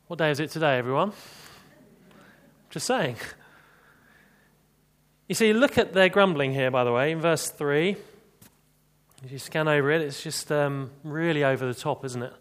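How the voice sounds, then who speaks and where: A man's voice: a little high, moderate pace, pauses often. A man preaching an expository sermon, chatty, with rhetorical questions and dry humor.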